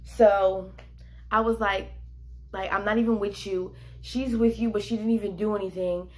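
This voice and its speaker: Young woman, vlogger, casual storytime, animated, filler-heavy. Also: medium pitch, moderate pace. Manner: animated, quotes herself in bursts.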